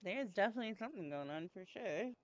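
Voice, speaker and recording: A woman's voice: mid-range voice, expressive, quick pace, highs cut off. A woman roleplaying in character, friendly and hesitant with many ums.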